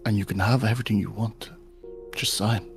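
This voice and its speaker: A man, the game master, voicing a smug male devil god who bargains with quiet menace. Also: fairly low pitch, fairly even intonation, a little fast, creaky, over music. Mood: scheming. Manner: silky, menacing dealmaker.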